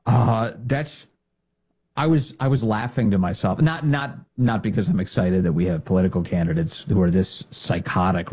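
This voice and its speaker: A man's voice: lowish voice, mellow, slightly rough. A man hosting a political talk show, delivering a sarcastic, mocking monologue. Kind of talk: opinionated monologue.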